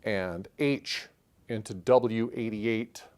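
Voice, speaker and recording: A man hosting a puzzle channel, thinking aloud as he calls out letters and clue numbers in a measured solve-along walkthrough. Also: fairly low pitch. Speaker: puzzle-solving channel host.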